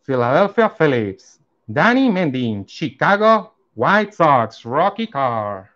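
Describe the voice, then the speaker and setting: Slow man reading out baseball cards. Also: on the high side, very animated, a bit bright, muffled recording. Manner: slow, reads out each card name and team. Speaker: card collector opening packs. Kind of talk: casual card-opening commentary.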